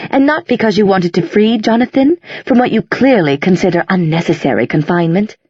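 A woman's voice: fairly low pitch, darkish tone, slightly rough, no echo, highs cut off. A woman reading aloud and voicing a cold, sarcastic female Inquisitor with a cutting, clipped manner. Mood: scornful.

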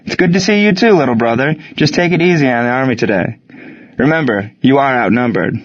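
A man's voice: mid-range voice, expressive, brisk, lo-fi sound, natural voice. A man voicing Ward, a cocky older-brother soldier who teases but can turn sincere. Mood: teasing. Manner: cocky, teasing.

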